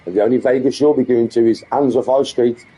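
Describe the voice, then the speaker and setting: A man's voice: medium pitch, steady tone, fast talker, mellow, husky. A middle-aged man with a Birmingham accent, boasting and mocking in a swearing vlog rant. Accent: English, Birmingham. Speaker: vlogger. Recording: muffled lo-fi clip audio.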